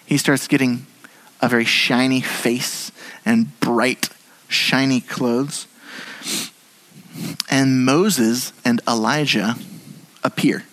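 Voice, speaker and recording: A man preaching a sermon as pastor in a church, moving between hushed and animated delivery. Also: medium pitch, slow, long pauses, low-quality recording. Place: church sanctuary.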